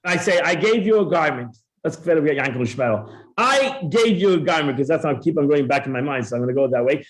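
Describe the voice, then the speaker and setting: A man with a fairly high voice teaches a classroom Talmud lesson. He acts out the claims of both parties in an animated way and restarts his phrases often. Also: quick pace. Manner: repeats words and restarts often. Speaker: Torah teacher.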